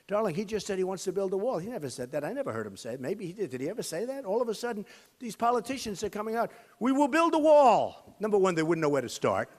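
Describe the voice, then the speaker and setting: Emphatic man at a rally, big hall reverb. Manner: repetitive, emphatic, swings from loud outbursts to low asides. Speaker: presidential candidate. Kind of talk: campaign rally speech. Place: high school gym with a crowd.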